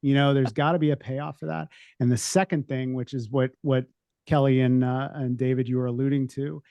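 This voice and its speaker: A man on a podcast panel who talks things through slowly, with many restarts and asides. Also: mid-range voice, flat delivery, vocal fry, mellow, no room sound, dull audio. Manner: reflective, rambling with restarts. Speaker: veterinary practice owner and podcast panelist. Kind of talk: casual panel discussion.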